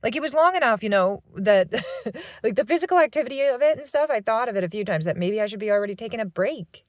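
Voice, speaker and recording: A woman's voice: on the high side, animated, fast talker, no echo. Frustrated woman in her thirties ranting. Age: 30s. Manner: frustrated, swearing, rambling. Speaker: vlogger. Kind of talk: casual venting monologue. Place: parked van, indoors.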